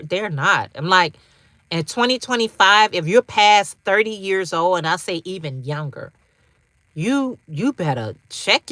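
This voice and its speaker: A woman's voice: medium pitch, a bit bright, dry recording, clean studio sound. A woman hosting a casual livestream, talking straight to viewers, repeating phrases for emphasis with slangy asides. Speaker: livestream host.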